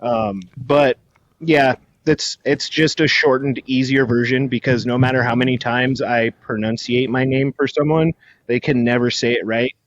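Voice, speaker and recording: A man's voice: mid-range voice, moderate pace, dry recording, dull audio. A man from California, a podcast guest, telling stories in casual chat, acting out voices and swearing freely. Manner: animated storyteller, acts out voices, swears freely.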